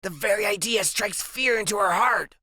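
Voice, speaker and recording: A man's voice: sits high, moderate pace, sharp tone, no room sound, studio quality, voice pushed up. A man voicing a small, brainy boy who talks in grand, old-fashioned phrases in an audiobook. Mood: lofty.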